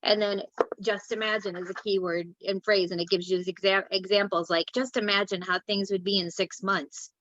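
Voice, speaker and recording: A woman's voice: medium pitch, level tone, normal speed, a bit bright, muffled recording, a little hiss or hum. A woman hosting a morning video call, talking in a bubbly, enthusiastic way. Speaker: host. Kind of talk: casual chat on video call.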